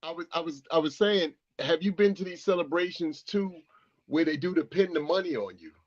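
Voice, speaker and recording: A man, a comedian in casual comedic chat, animated and acting out little scenes. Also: a little high, a little fast. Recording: dull lo-fi sound with crowd behind. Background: crowd noise.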